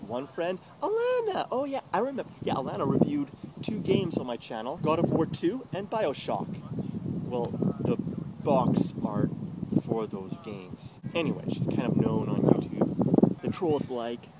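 A man telling a personal story in an animated, heavily profane way, acting out what people said in raised voices. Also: a little slow. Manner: swears constantly, acts out quotes in high voices. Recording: loud background noise.

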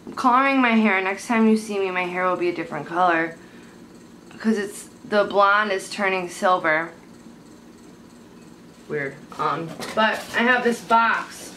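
Chatty young woman vlogging, noisy. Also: medium pitch. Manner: chatty and rambling, blunt and swears when annoyed. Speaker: beauty vlogger. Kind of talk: casual chat to camera. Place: at home, indoors. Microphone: handheld camera mic. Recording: noisy home camera recording.

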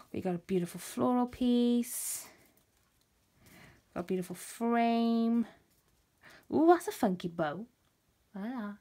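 A woman's voice: a little high, expressive, takes it slowly, long pauses, mellow. A woman chatting casually as she unboxes craft mail, gasping and gushing with delight. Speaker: craft vlogger.

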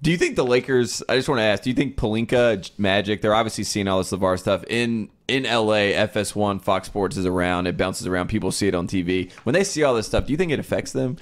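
A man co-hosting a casual sports podcast, rambling and agreeing a lot. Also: lowish voice. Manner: quick, rambling, restarts, lots of agreeing. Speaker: podcast co-host.

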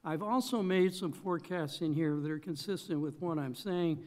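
A man's voice: a little high, normal speed, darkish tone. A middle-aged man giving expert economic testimony at a public hearing, talking with many fillers and self-corrections.

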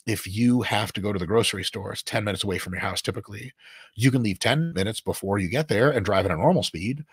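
Fast, husky, animated man swearing freely. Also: fairly low pitch, no echo, clean studio sound. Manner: profane, fast and emphatic, acts out voices. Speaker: guest expert on muscle training. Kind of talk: animated casual discussion.

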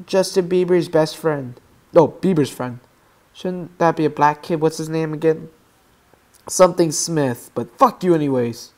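A man giving excitable gaming commentary, swearing freely and breaking into yelps and screams. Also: a little high. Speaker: let's play gamer.

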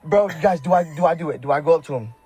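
A young man from Sacramento talks excitedly to his live chat with a husky, slightly raised voice. He sounds jittery and throws in slangy oaths. Faint music plays behind him. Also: a little high, racing. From Sacramento area, California. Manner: nervous, swearing oaths, slangy. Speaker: prank video maker streaming live.

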